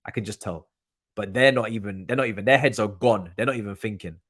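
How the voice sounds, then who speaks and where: A man's voice: fairly low pitch, quick pace, a bit bright. Young man, football streamer, casual and sweary, mutters then rants. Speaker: streamer hosting a football watchalong. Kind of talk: casual live-stream chat.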